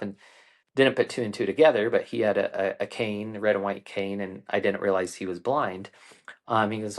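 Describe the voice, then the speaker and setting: Earnest low-voiced man telling a story. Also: fairly even intonation. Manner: earnest, unhurried, frequent ums and restarts. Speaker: guest, coach. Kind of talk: reflective conversational storytelling.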